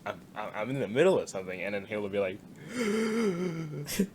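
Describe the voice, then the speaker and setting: A young man chatting casually on a podcast, animated and stammering, swearing and laughing a lot. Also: on the low side, rapid-fire, noisy background. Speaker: podcast co-host. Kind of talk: casual chat.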